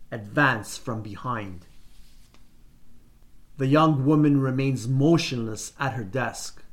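A man reads a first-person short story aloud at an unhurried, deliberate pace. His delivery stays measured, in a mid-range voice. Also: medium pitch. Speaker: reader.

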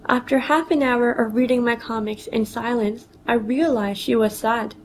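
Lady reading a childhood memoir, slightly high voice, plain and even storytelling. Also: normal speed, slight background noise, poor audio. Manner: plain storytelling, quoting others in a near-normal voice. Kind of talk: reading a personal story aloud.

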